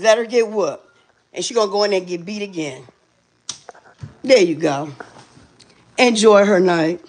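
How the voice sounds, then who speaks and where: A woman on a phone livestream in a hotel hallway, loud and profane, repeating the same orders over and over. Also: medium pitch. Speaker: livestreamer intervening in a dispute.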